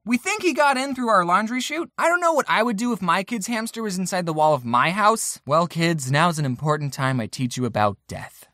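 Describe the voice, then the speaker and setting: Animated young comedic storyteller, dry close mic. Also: no echo. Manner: animated, deadpan asides, big pitch swings. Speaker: YouTube storyteller.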